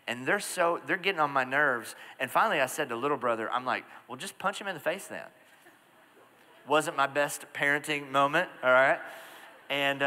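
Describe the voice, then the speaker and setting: A middle-aged male pastor preaching a sermon, telling stories with lively asides to the congregation. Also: mid-range voice. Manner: animated storytelling with asides to the congregation. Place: large church hall. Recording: church hall reverb.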